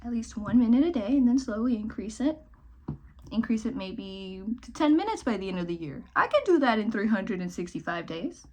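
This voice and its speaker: A young woman chatting casually while doing her makeup in a get-ready-with-me vlog, rambling and self-mocking, swinging between bright remarks and muttered asides. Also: fairly high pitch, very animated, brisk. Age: young adult. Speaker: vlogger.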